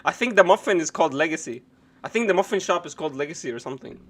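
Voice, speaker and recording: A man with a notably high voice hosts a live stream, reacting to a clip. His rant is loud, sarcastic and profane, and his tone keeps turning mocking. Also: expressive, racing.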